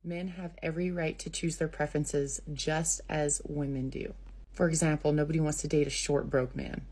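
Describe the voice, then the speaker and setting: A woman in her thirties, a relationship advice vlogger, sharing firm opinions in a measured, matter-of-fact way. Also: deep voice, level tone, a little mellow, breathy edge. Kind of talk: opinionated commentary.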